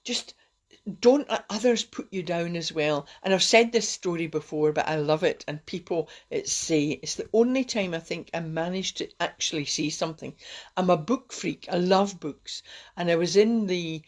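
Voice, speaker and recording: A woman's voice: fairly low pitch, moderate pace. A middle-aged woman, hosting a rambling, encouraging self-help talk on a live stream. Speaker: host.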